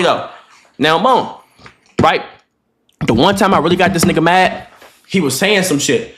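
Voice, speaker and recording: A young man telling a casual story-time vlog, animated and profane, acting out the voices of the people in his story. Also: high voice, moderate pace, long pauses. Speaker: vlogger.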